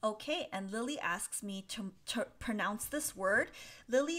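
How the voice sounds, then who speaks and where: Slow, bright-voiced woman teaching English. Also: on the high side, animated. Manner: slow, patient explanations with many fillers. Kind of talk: live-stream Q&A lesson. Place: at a desk with a laptop.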